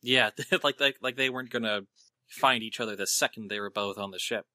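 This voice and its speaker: Bright-voiced, laughing game master man. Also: fairly low pitch, no room sound. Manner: chatty, quick to laugh. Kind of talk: narrating a tabletop game.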